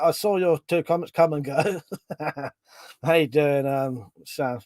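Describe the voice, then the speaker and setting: Bloke streaming, reads chat out, laughs a lot, swears loads, bit high voice, dry sound. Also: male voice, moderate pace, no echo. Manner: laughs often, swears freely, chatty. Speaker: livestream host. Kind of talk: casual chat, reading viewer comments aloud.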